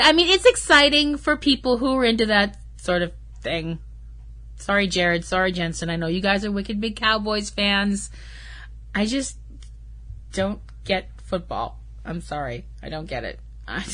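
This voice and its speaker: A woman's voice: medium pitch, bright, forceful tone. A woman hosting her own podcast, talking in a rambling, chatty way with sarcastic asides. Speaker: podcast host. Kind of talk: casual solo podcast chat.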